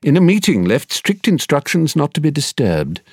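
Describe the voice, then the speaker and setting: A man voicing a polite, fussy young male solicitor who speaks in a deadpan, courteous way in a storybook reading. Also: on the high side, normal speed, breathy edge, dry recording, clean studio sound, voice pushed up, exaggerated voice. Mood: politely deadpan.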